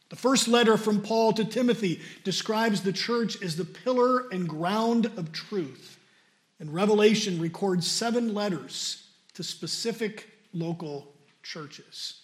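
A man preaching a sermon and reading scripture aloud, stressing key words and repeating them for emphasis. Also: high voice.

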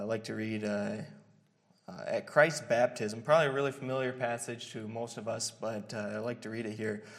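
Male preacher, gravelly and unhurried, earnest and halting delivery. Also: medium pitch. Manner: earnest, halting, with many fillers and restarts. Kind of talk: expository sermon.

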